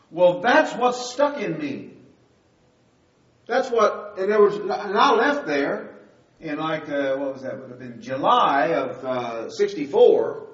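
High-voiced older man preaching, distant and roomy. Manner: conversational storytelling, rising to emphatic. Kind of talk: sermon with a personal testimony. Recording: distant, roomy, dull-sounding recording.

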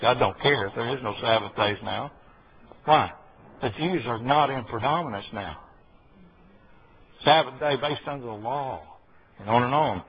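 A man's voice: medium pitch, expressive, moderate pace, breathy edge. A man preaching a folksy sermon, full of rambling asides and checks with his listeners. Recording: dull lo-fi recording.

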